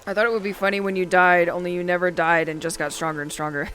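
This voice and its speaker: A young woman streaming a fishing game, chatting casually with loud, profane, laughing banter. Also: lowish voice, fairly even intonation, fast, soft background music. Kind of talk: casual game livestream chat.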